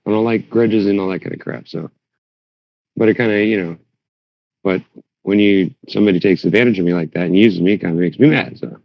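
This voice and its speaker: A man chatting casually on a voice call, rambling through a story and getting animated when he quotes himself. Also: sits low, brisk, vocal fry, no room sound. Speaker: Discord server member. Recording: dull lo-fi voice chat audio.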